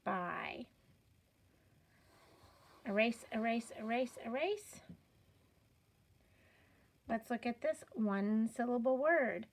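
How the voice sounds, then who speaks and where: A woman's voice: a little high, slow, pauses often. A woman teaching a children's phonics lesson, sounding out letters patiently and encouraging the learners. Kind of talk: slow step-by-step reading lesson.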